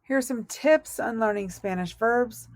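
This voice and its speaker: A woman's voice: a little high, a little slow, dry recording, studio quality. A woman teaching a recorded language lesson, patiently spelling out verb endings letter by letter. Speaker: Spanish teacher.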